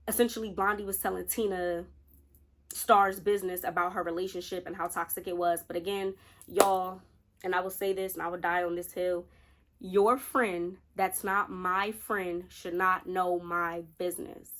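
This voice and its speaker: A woman's voice: fairly low pitch, level tone, moderate pace, a bit bright. A woman in her twenties casually telling a storytime to her viewers, chatty and direct. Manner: chatty, addresses viewers as y'all. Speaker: vlogger.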